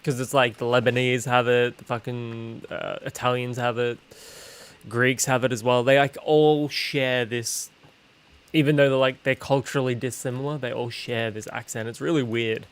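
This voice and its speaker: Aussie guy streaming, chill and chatty, bit sweary, average pitch. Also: moderate pace, smooth. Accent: Australian. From Australia. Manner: relaxed, chatty, swears casually. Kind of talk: casual chat while gaming.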